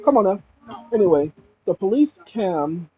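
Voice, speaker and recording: A man with a high voice reads out a news story and breaks off to give his own take, stressing his points and turning to his viewers again and again. The recording sounds dull and lo-fi. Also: sing-song, a little slow. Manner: emphatic, addresses viewers directly. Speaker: commentary channel host. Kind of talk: reading news and reacting.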